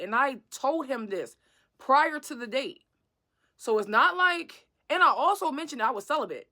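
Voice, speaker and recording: A slightly high-voiced woman tells a date story to her viewers. She is blunt, slangy and full of profanity, and she acts out the retelling with energy. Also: lively intonation, normal speed, sharp tone. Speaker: vlogger. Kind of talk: storytime narration.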